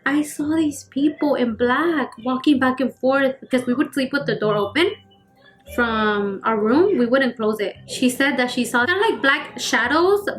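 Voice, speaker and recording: A woman's voice: on the high side, a bit bright. A woman in her twenties telling a personal story in a casual vlog, chatty and full of fillers, acting out the scenes. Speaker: YouTuber. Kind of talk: casual storytelling while getting ready. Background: faint background music.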